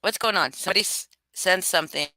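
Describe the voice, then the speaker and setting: A woman's voice: on the low side, quick pace, pushed and bright, no room sound. A woman hosting a casual live stream, reading chat aloud and chatting loosely with some swearing. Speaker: streamer host.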